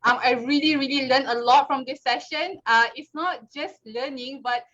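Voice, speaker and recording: A woman's voice: high voice, moderate pace, fairly bright tone. A woman, a doctor and guest, giving a cheerful and grateful casual thank-you speech. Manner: cheerful, grateful, laughs easily. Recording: dull lo-fi call audio.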